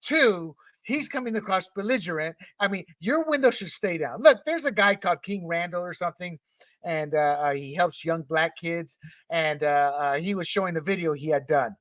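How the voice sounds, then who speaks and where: Blunt, mocking man, high bright voice. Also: animated, normal speed, no echo. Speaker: podcast host. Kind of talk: casual panel discussion. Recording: muffled, distant mic.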